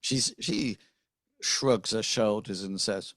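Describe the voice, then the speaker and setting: Slow, gravelly-voiced man running a game. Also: mid-range voice, fairly bright tone, no echo, studio quality. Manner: halting, many ums and restarts. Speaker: game master. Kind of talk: narrating a tabletop game.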